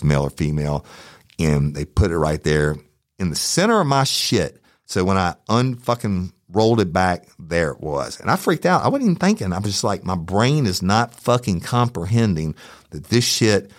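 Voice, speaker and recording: A man tells a true crime story, cursing freely. His voice sits very low, yet it swings widely in pitch as he talks. He retells events in an animated, unfiltered way. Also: dry recording, clean studio sound. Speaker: podcast host.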